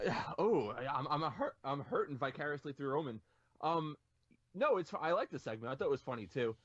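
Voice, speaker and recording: Guy on a podcast talking fast but stumbly, kinda muffled dry mic. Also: a little high, animated, no room sound. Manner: hesitant, restarts sentences. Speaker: podcast co-host. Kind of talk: casual podcast chat.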